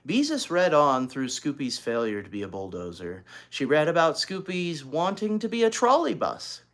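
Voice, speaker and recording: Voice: medium pitch, huge pitch swings, normal speed, a bit bright. A reader narrating a children's chapter book aloud, adding chatty asides to young listeners. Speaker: storybook reader.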